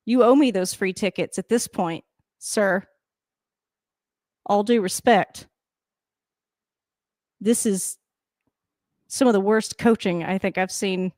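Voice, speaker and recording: Excitable swearing woman reacting to football. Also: medium pitch, slow, long pauses, no room sound, studio quality. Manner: excitable, swearing, laughing, talks to the coach. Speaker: sports reaction host. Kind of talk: casual live game commentary.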